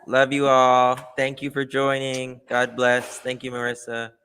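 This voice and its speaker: A man hosting a casual livestream chat, soft-spoken and amused. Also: medium pitch, monotone, a little slow, a little hiss or hum. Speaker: host.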